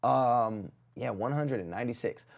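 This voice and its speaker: A man's voice: mid-range voice, moderate pace, creaky. A man hosting a live music review stream, giving blunt, casual critiques in slang and talking to his chat. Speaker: music review livestream host.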